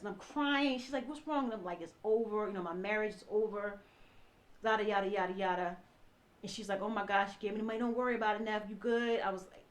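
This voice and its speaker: A woman telling a personal story in a lively way, acting out what people said and often restarting her sentences. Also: medium pitch. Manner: animated, acts out quoted dialogue, restarts often.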